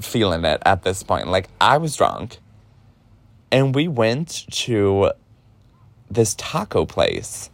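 A man's voice: mid-range voice, dry recording. A young man casually telling a story, chatty and profane, with lots of filler words. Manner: chatty, heavy use of "like", profane. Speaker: podcast host.

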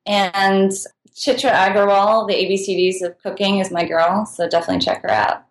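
A woman chatting as a podcast guest, easygoing and giggly, her answers tumbling out casually. Her voice sits at an ordinary middle pitch. The room around her rings with a noticeable echo. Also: normal speed. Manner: chatty and giggly, with frequent laughs. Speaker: podcast guest, food writer. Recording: echoey room.

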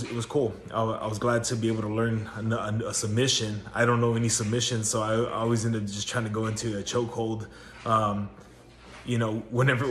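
A man rambles through a casual home podcast, full of fillers and restarts. His voice sits low and stays flat in tone. A faint hum of laundry machines runs behind him. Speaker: podcast host. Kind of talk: casual solo podcast chat. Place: home laundry area, washers running. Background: dryer noise.

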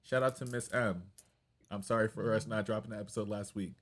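Young American male podcast host, animated, playful, casual chat. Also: lowish voice, brisk. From United States. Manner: animated, laughs often, playful.

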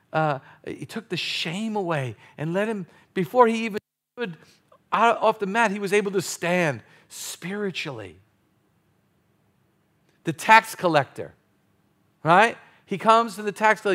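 Animated, high-voiced preaching pastor man. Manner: animated, playful preaching with sudden loud exclamations. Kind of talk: sermon.

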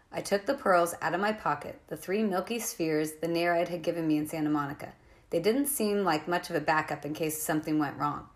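A woman narrating a novel aloud in the first person, with a clear, expressive reading. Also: low voice, fairly quick. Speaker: audiobook reader.

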